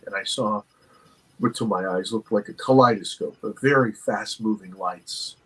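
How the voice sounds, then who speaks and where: Husky low-voiced man telling a story. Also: low-quality recording. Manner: earnest, reflective, with halting restarts. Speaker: interview guest, documentary producer. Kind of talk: personal storytelling.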